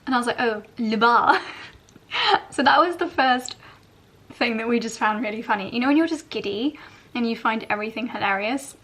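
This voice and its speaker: Woman in her 30s, fashion vlogger, fairly high voice, gushing and giggly. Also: brisk, pauses often, fairly bright tone. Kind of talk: chatty vlog to camera.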